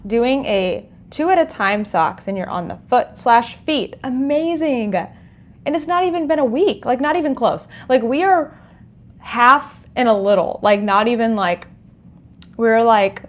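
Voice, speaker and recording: A woman hosting a livestream from home, greeting viewers and reading their chat comments with frequent laughs. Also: on the high side. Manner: bubbly, laughs often, reads chat comments aloud. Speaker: podcast host on a livestream. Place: home, dog nearby. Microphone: desk microphone.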